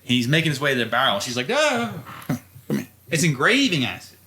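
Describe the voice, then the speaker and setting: A man's voice: mid-range voice, lively intonation, fast, pushed and bright, a little hiss or hum. A man co-hosting a podcast, recapping a story in loose, profane chat with frequent laughs. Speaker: podcast co-host.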